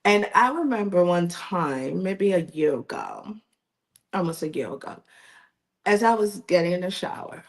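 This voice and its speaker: A woman's voice: fairly low pitch, lively intonation, normal speed. A middle-aged woman, an author, telling a personal story in an interview, emotional and laughing, repeating herself as she talks. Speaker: author and magazine editor.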